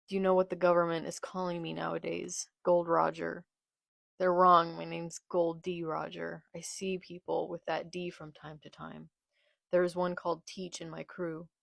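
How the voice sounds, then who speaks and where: A woman's voice: on the low side, creaky, no echo, clean studio sound. A woman reading a proud dying pirate captain. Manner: quiet, flat read-aloud.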